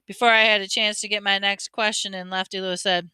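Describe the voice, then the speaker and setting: Bright-voiced woman reading a novel aloud. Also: medium pitch, flat delivery, fast talker, few pauses, clear, resonant tone, no room sound. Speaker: audiobook reader.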